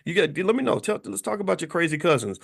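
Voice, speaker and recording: A man's voice: high voice, expressive, quick pace, creaky. Blunt, lecturing middle-aged man. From Louisville, Kentucky. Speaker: commentator host. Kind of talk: casual monologue.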